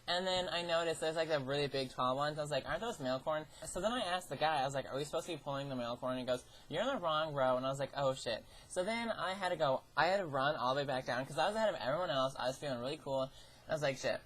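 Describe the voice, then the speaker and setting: A woman's voice: low-pitched, very fast, slight background noise. A teenage girl vlogging, telling a story in a chatty way, swearing often and acting out what people said. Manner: chatty, swears a lot, acts out quoted lines. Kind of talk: casual storytelling.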